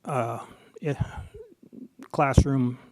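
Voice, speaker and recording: A man's voice: mid-range voice, steady tone, very slow, darkish tone. A man running for school board, answering in a plain-spoken, hesitant way with false starts, in council chambers. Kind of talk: candidate forum answer.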